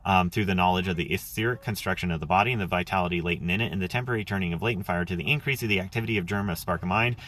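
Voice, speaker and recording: A man's voice: deep voice, fairly bright tone. Rambling man streaming live on a phone. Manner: casual, rambling, swears. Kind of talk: live stream reading and chat. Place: outdoors.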